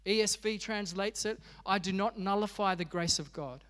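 Male pastor, high voice, conversational sermon, long church reverb, soft music behind. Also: normal speed. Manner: conversational, acts out quoted dialogue.

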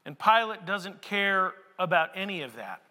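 Brief: male pastor, very high voice, conversational sermon rising to shouts, echoey hall recording. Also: very animated, moderate pace. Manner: conversational, building to emphatic shouts. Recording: echoey hall with long reverb.

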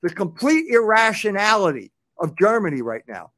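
Mocking man with a very high, dry voice. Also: very animated, normal speed, bright, forceful tone, no room sound. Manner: mocking, laughs, repeats words. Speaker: commentator. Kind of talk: commentary on a played clip.

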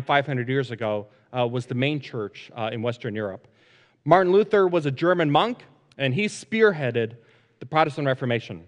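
A male pastor preaches to his congregation, restating points and pausing on frequent "uh" sounds. His voice sits a touch higher than most men's, and the room adds a long, ringing reverb. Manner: repetitive, measured, frequent "uh" fillers. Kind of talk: sermon. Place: church sanctuary. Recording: long reverb in a large sanctuary.

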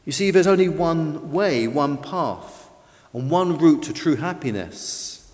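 A man with a high voice preaches a sermon, his emphasis rising and falling from line to line. The sound carries a long reverb, as in a large hall or church. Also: expressive, slow pace, a little mellow. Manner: emphatic, varied preaching delivery.

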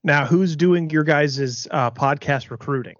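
A man's voice: on the high side, a little slow, a bit bright, dry recording. A man hosting a casual podcast, asking questions in a loose, joking, profane way. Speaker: podcast host. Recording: dull lo-fi audio.

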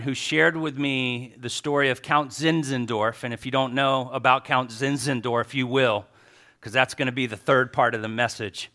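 A middle-aged male pastor preaches from the front of his church, telling stories in an animated way. His voice is bright and forward, and he quotes others in his own voice. The delivery is a lively sermon. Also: medium pitch.

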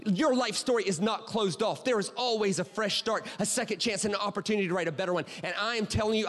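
High-voiced pastor in a reverberant hall. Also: male voice. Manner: animated, keeps asking "right?" and "okay?". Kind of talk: sermon. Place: church auditorium.

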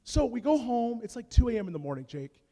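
A man with a fairly high voice preaches in a big hall, and his words ring out with a long echo. He tells his story with comic energy, going from quiet asides to loud bursts. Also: fast. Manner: animated comic storytelling, big swings in loudness. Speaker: pastor. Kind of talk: sermon. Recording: long reverb of a large hall.

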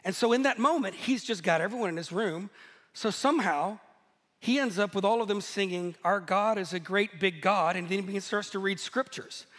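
A man preaching a sermon, telling stories in a lively, animated way and laughing at himself now and then. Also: high voice, fairly quick. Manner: storytelling, animated, self-deprecating laughs. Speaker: pastor. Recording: echoey hall.

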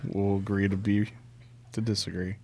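A man's voice: fairly low pitch, flat delivery, normal speed, gravelly, a little mellow. A man hosting a casual chat, joking and laughing often.

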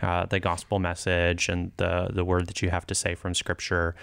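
Host interviewer, low resonant man's voice, dry close sound, restarts often. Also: monotone, moderate pace, gravelly, a bit bright, clean tone, no echo. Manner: probing questions with frequent restarts. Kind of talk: conversational interview.

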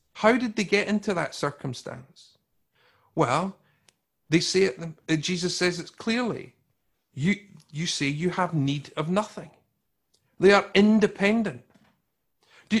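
Animated preaching man, slightly high voice. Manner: animated preaching, swings from loud emphatic to hushed and slow; conversational, with repeated words and restarts. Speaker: pastor. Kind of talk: sermon.

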